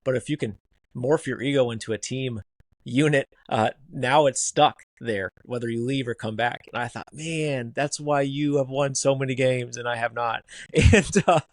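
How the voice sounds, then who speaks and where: A man's voice: mid-range voice, normal speed, no echo. A man with a mid-range voice hosts a casual podcast interview. He speaks reflectively, and the recording is dry and close. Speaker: podcast host.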